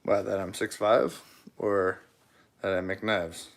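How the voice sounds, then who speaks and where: This one has a deep, flat voice and speaks slowly. He runs a livestream from his knife-making shop, chatting in a relaxed way, kidding with viewers and responding to their comments.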